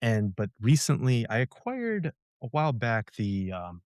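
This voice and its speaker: A man as a guest on a podcast, making relaxed jokes in casual chat. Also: mid-range voice, unhurried, smooth, no room sound, clean studio sound.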